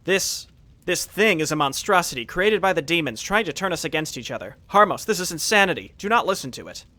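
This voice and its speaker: Guy reading a harsh scornful traitor officer, fairly high bright voice. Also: very animated, brisk, dry recording. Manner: read aloud from game text, plain. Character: treacherous human order officer, harsh and scornful.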